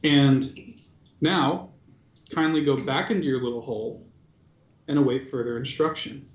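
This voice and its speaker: A man's voice: mid-range voice, unhurried, lightly acted. Man voicing a droid crime boss, smug, commanding, roomy room. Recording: dull, roomy recording.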